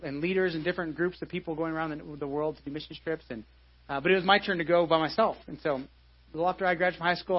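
A man's voice: fairly high pitch, highs cut off. A pastor in his forties giving a live sermon in a church, conversational, with many restarts and repeated phrases. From United States.

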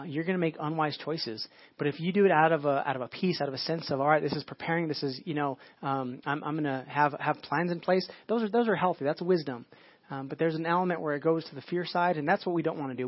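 Fast-talking man preaching a casual sermon. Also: on the high side, no echo, highs cut off. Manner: conversational preaching with frequent restarts and "like" asides. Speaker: pastor.

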